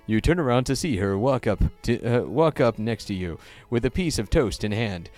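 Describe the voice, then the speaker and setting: Homme animé qui lit un jeu à voix haute. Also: male voice, medium pitch, moderate pace, soft background music. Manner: reads the story text aloud with stumbles and laughs, lively. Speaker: podcast co-host reading a game. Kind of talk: casual let's-play reading aloud. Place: small home recording setup, sharing one mic.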